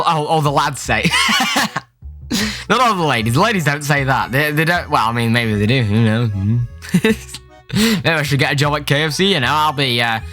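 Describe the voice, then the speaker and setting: A young man telling jokes in a sarcastic way as he reads out chat messages, now and then breaking into shouts. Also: on the high side. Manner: sarcastic, jokey, bursts into shouting. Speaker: YouTuber. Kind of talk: comic storytelling, reading out chats.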